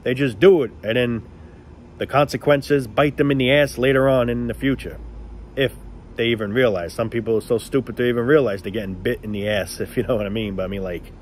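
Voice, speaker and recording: A man's voice: medium pitch, fairly even intonation, a little fast, slight background noise. A man ranting casually to the camera in a blunt, profane, sarcastic way.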